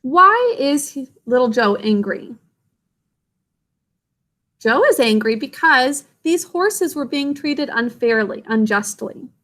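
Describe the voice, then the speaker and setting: A woman reads a classic storybook aloud to young listeners, stopping often to ask them gentle questions and explain hard words. Her voice sits slightly above the usual pitch for a woman. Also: sing-song, slow pace. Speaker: storyteller reading to children. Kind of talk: read-aloud with explanations for children.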